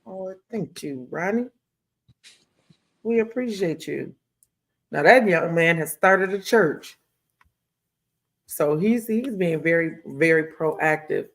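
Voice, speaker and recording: A woman's voice: on the low side, animated, slow pace, long pauses. Lady hosting a chat show, easygoing, reading viewer comments. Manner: chatty, reads viewer comments. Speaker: host. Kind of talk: casual panel talk.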